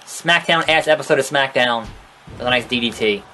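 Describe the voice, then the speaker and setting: A man's voice: mid-range voice, moderate pace, pushed and bright, slight background noise. A young man casually commentating his wrestling video game playthrough, rambling, sarcastic and swearing at the characters. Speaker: gaming video host. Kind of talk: casual let's-play commentary.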